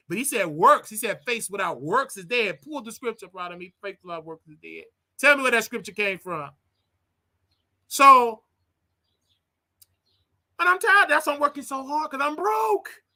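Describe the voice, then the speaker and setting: A man hosting a casual livestream, talking straight to his viewers in an animated, repetitive way with preachy asides. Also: very high-pitched. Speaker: livestream show host.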